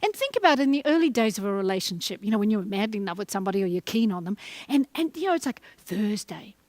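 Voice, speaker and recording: A middle-aged woman giving a motivational talk to camera, animated and acting out little voices as she goes. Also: medium pitch, fast talker, dry recording. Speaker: motivational speaker.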